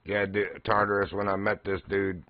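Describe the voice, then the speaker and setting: A man's voice: fairly low pitch, level tone, moderate pace, no echo, highs cut off. A man streaming, chatting casually while fishing in a game and laughing often as he tells stories.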